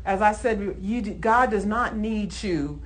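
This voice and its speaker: A woman preacher giving a Sunday sermon, emphatic, acting out heated prayers and then settling into calm teaching. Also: mid-range voice, a little slow, slight background noise. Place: church service.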